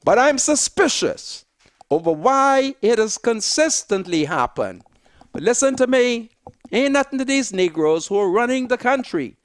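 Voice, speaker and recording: A man's voice: very high-pitched, sing-song, unhurried, no room sound. A Bahamian man hosting a talk show, delivering an emphatic, declamatory monologue and insisting that his listeners hear him out.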